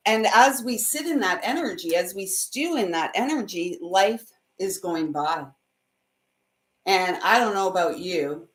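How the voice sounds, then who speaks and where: A woman hosting a spiritual card reading on a live stream, talking in a heartfelt, emotional way and laughing often. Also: mid-range voice. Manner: swings between soft and loud. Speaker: intuitive reader and host.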